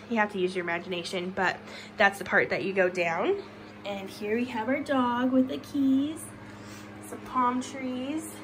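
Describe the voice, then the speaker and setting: A chatty woman in her thirties walks through her basement, talking on a handheld phone with a fairly high voice and an easy, casual manner. A faint room hum sits under her voice. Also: a bit bright. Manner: chatty, laughs often, drops to a whisper in a spooky room. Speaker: vlogger giving a home tour. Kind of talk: casual walkthrough vlog. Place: rooms of a home basement.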